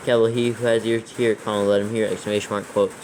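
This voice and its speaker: A man's voice: on the low side, level tone, racing, a little mellow, slight background noise, poor audio. A man dictating scripture aloud for proofreading, steadily reading the text and naming every comma, capital and quote mark.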